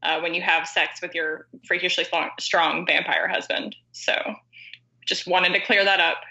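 A woman's voice: lowish voice, steady tone, normal speed, gravelly, bright, forceful tone, low-quality recording. A woman chatting casually on a podcast, swearing freely and using lots of fillers. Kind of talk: casual chat.

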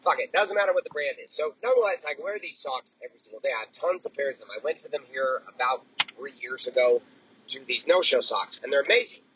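A man's voice: mid-range voice, expressive, quick pace, a bit bright, highs cut off, a little hiss or hum. Profane, blunt forty-something man. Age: 40s. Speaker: podcast host. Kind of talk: motivational monologue.

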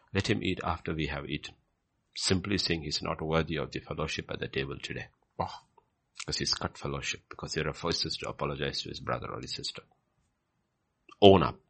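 A man preaching a sermon and reading scripture aloud, swinging from low murmurs to loud, high emphatic bursts and repeating key phrases to the congregation. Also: creaky, slightly rough.

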